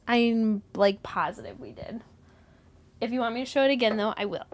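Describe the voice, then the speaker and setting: A woman hosting a live stream, hoarse as her lost voice slowly returns, who giggles often and clears her throat now and then while chatting casually with viewers. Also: fairly high pitch. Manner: giggly, breaks into laughter often. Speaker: yarn shop live stream host.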